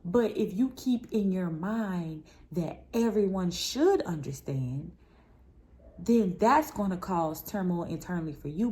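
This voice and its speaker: A lowish-voiced woman hosts a motivational podcast, speaking emphatically, playfully, and conversationally with slang before easing into soft, earnest encouragement.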